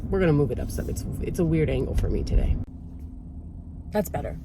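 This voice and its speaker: With a deep voice and a brisk delivery, a woman in her thirties talks casually from inside her car in her neighborhood. Her chat is rambling, self-deprecating, and sprinkled with swearing, recorded by a car-mounted camera amid noisy road and car sounds.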